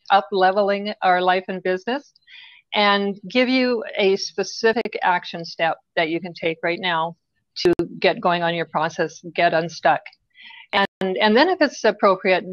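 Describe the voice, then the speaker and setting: A woman with a mid-range voice speaks as a guest business coach in a casual interview, recorded without echo but sounding muffled. She explains her work directly and practically, often checking in with "right?"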